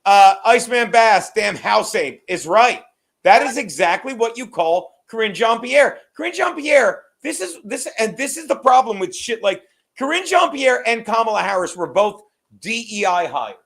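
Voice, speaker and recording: A man's voice: sits high, lively intonation, moderate pace, vocal fry, fairly bright tone. A man co-hosting a podcast, talking in a crude, rambling, joking way. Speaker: podcast co-host. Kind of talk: casual podcast chat.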